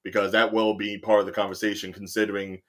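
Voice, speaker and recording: A man's voice: fairly low pitch, level tone, fast talker. A man hosting a casual podcast chat, rambling through his points with many fillers. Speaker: host.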